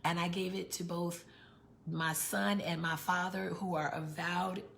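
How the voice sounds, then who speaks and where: A woman's voice: fairly low pitch, fairly even intonation, a little slow, creaky, a bit bright, slight background noise. A middle-aged woman from New York, hosting a live book launch, chatting casually and reading out viewer comments. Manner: chatty, repeats words, reads out viewer comments.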